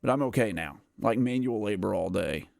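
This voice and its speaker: A man's voice: fairly low pitch, lively intonation, brisk, creaky, darkish tone, a little hiss or hum. A man hosting a casual gameplay livestream, rambling and self-mocking as he chats, tired and worn out. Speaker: gaming livestream host. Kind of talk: casual live gameplay chat.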